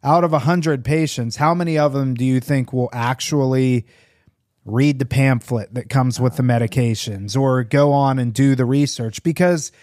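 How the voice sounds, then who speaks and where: A man's voice: medium pitch, moderate pace, darkish tone, dry recording, clean studio sound. A man co-hosting a recovery podcast, talking candidly in a rambling way with lots of fillers. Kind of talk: casual conversation.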